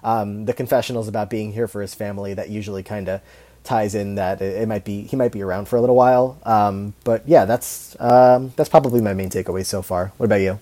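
Relaxed low-voiced man rambling. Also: fairly quick. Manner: relaxed, rambling with many fillers. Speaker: podcast co-host. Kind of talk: casual chat about a reality show.

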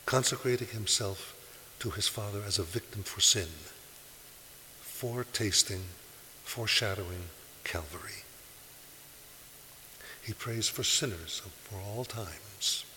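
A man preaching a sermon, speaking with emphasis and rising forcefully when he quotes scripture. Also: lowish voice. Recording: hissy recording in a large reverberant hall.

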